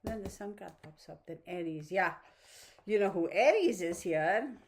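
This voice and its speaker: A woman's voice: mid-range voice, expressive, moderate pace. Chatty woman tarot vlogger. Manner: chatty, laughs often, baby-talks to her dog. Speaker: tarot reader, channel host. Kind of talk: casual chat to viewers.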